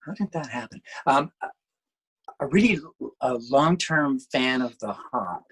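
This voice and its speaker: A man's voice: medium pitch, expressive, measured pace, fairly bright tone, husky, poor audio. A man being interviewed about his music and radio work, talking casually in a rambling way with lots of restarts. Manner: rambling, with many restarts and fillers.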